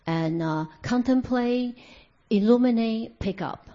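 An interpreter consecutively translates a dharma talk into English, hesitating often to find words with many fillers and restarts. Her voice is dark and mellow, somewhat high and slow, and the recording is dull and lo-fi.

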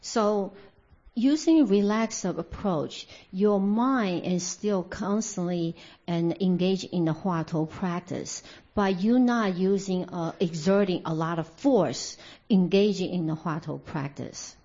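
A woman with a dark, mellow voice renders a meditation teaching into English, stopping often to search for words. The sound is dull and lo-fi. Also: on the low side, slow. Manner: hesitant, many fillers and restarts. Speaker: interpreter. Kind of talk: consecutive interpreting of a dharma talk. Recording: dull lo-fi recording.

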